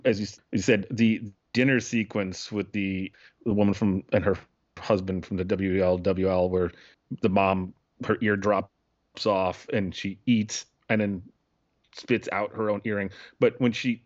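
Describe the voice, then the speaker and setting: Excitable, profane man on a podcast. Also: on the low side. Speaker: podcast co-host. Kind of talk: casual chat. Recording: dull lo-fi podcast audio.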